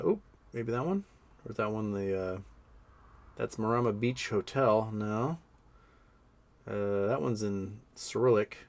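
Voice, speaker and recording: A man's voice: mid-range voice, vocal fry. A man hosting a live stream in casual, sarcastic commentary, rambling with frequent restarts and mocking put-on voices.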